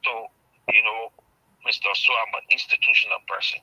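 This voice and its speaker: A man calling in by phone to a radio show, speaking in a measured, earnest way. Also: lowish voice, steady tone, bright, forceful tone, breathy edge, no echo. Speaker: caller. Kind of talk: phone-in comment. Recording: dull muffled phone line.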